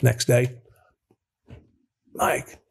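A man co-hosting a casual chat, telling a story in a profane, emphatic way with many restarts. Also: drawn-out words. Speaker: co-host.

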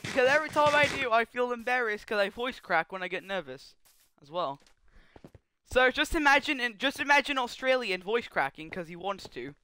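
A young man chatting casually on a gaming livestream, joking and rambling with quick laughs. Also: extremely high pitch, sing-song, pushed and bright, smooth, no room sound. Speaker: streamer.

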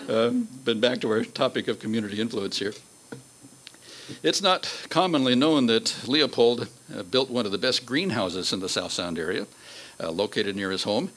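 A man giving a local history talk, reading old newspaper quotes aloud in a measured way with fillers. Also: mid-range voice, fairly bright tone, poor audio.

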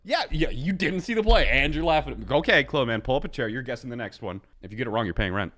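A man's voice: medium pitch, fast talker. A man giving casual, joking commentary on gameplay clips as a streamer guessing ranks. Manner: joking, animated, sarcastic.

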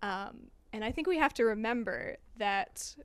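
A woman's voice: a little high, animated, unhurried, clear, resonant tone, dry recording. A woman in a church retreat discussion, sharing a reflection on scripture in an earnest, thoughtful way. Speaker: retreat participant. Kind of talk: casual faith discussion.

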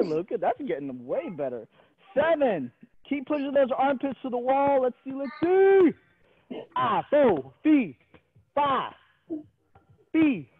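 A man's voice: very high-pitched, slight background noise. A male gymnastics coach leading an online class over a video call, upbeat and encouraging, counting reps aloud and joking with the kids. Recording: tinny phone-like video call audio.

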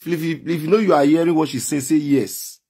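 A man with a Nigerian Pidgin accent hosting a live stream, loudly calling out to his viewers. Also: on the high side, fairly quick, husky. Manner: calls out loudly to viewers, animated.

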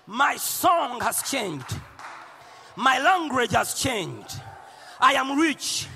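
High, shouting Ugandan-born preacher. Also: male voice, very animated, very slow, creaky. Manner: shouting, playful, with call and response. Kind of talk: sermon. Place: large church hall. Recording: long hall reverb.

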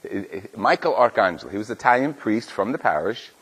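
A man's voice: fairly low pitch, lively intonation, fast, fairly bright tone, slightly rough. An older man, a Catholic priest, preaching a Sunday homily in a church and telling a story with acted-out dialogue. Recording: long church reverb.

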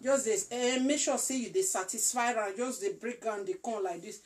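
A Nigerian woman talks through relationship advice in a loose, instructive way. She repeats herself and keeps checking that the listener follows. Her voice sits a little high. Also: moderate pace. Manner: repetitive, coaxing, often checks "you understand?". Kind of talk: casual instructive talk.

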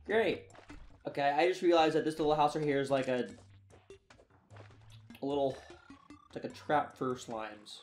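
Yawning and worn out, a young let's play gamer talks to himself in a chatty, self-mocking way about how he's playing. He speaks at a moderate pace in a fairly high, fairly even voice, pausing often, as faint music plays.

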